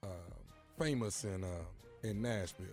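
A man who is a regular on a morning radio show, making a prank call and then joking loudly with the studio crew. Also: on the low side, normal speed, faint music behind. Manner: loud, laughing, playful.

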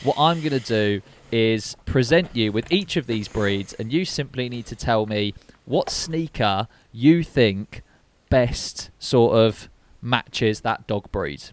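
A man's voice: medium pitch, lively intonation, slow pace, a little hiss or hum. A young man co-hosting a podcast, chatty and jokey, rambling with fillers as he sets up a game. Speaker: podcast co-host. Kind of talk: casual podcast chat.

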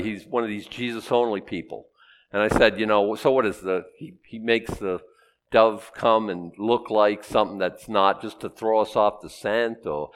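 A middle-aged man preaching a sermon, teaching through a Bible passage in a conversational way with sudden loud rises. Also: on the low side. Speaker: pastor.

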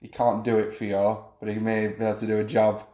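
A man with a lowish voice chatting about football, halting and often starting his sentences over. He is recorded in an echoey room. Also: completely flat delivery, dark tone, dull audio. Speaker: podcast co-host. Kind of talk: casual football chat.

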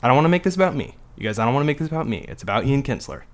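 A man's voice: medium pitch, sing-song, rapid-fire. A young adult man co-hosting a casual sports podcast, ranting heatedly and sarcastically, with a lot of swearing. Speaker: podcast co-host.

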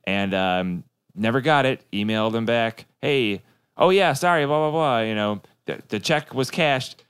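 A man chatting casually as a podcast co-host, with quick teasing reactions. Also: mid-range voice, expressive, fairly bright tone, smooth, no room sound, studio quality. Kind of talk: casual chat.

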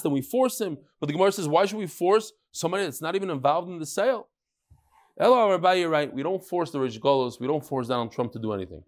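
Animated man teaching Talmud. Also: a little high. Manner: animated storytelling, mixes Aramaic and Yiddish terms. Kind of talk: lively Talmud class.

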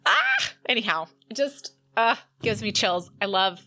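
A woman co-hosting a book podcast, chatting with enthusiastic, gushing warmth about the writing. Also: mid-range voice, normal speed, no echo. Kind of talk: casual chat.

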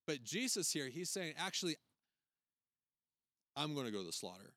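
A man's voice: on the high side, very animated, moderate pace, pushed and bright, no room sound, studio quality. A man preaching a sermon at a church service, earnest and conversational, rising to emphatic peaks with frequent restarts.

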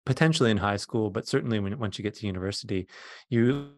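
A man's voice: lowish voice, quick pace. A middle-aged man, a physicist guest, patiently explaining science in plain words during a conversation.

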